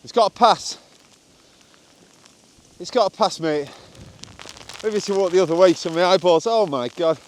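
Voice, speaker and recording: A man's voice: sits high, moderate pace, long pauses, a little hiss or hum. Chatty man, rambling outdoors. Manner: chatty and self-mocking, breaks into laughter. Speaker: vlogger. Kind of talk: rambling walk-and-talk vlog. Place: outdoors on a country walk.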